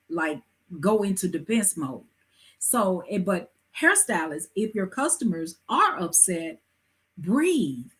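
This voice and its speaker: A woman hosting a live talk show, giving hair-care advice in a lively, preachy way with emphatic asides. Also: medium pitch, breathy edge. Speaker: host.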